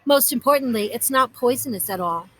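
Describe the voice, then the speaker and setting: An excitable older aunt, put on by a woman reading a storybook, who gushes over every new adventure. Her voice sits high and bright, recorded close and dry. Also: brisk, no room sound. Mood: fond. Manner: gushing, whooping, fond.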